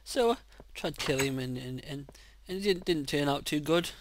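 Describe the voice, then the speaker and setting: A man casually commenting on his own gameplay, excitable and quick to swear loudly when frustrated, speaking into a desk mic. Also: a little high, background noise. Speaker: gaming channel host. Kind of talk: casual let's-play commentary.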